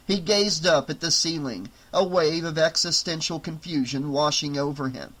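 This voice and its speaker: A man narrating an audiobook in a steady, even storytelling voice. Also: fairly high pitch, normal speed.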